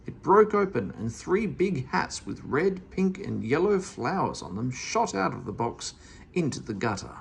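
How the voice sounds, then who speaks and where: A reader narrating a classic children's story aloud in an expressive storybook style. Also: mid-range voice, unhurried, creaky, breathy edge. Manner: expressive, animated.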